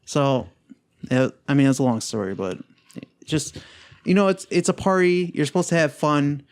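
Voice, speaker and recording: A man's voice: normal speed, clean tone. A young man and podcast co-host telling a party story in casual chat, acting out quotes and swearing a lot. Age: young adult. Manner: animated storyteller, acts out quotes with big pitch jumps, swears a lot.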